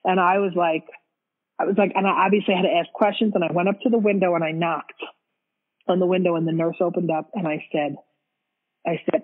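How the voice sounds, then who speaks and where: A woman interviewed as a widow, recounting a personal story in a halting way and often repeating her words. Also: fairly low pitch, fairly even intonation, narrow, tinny audio.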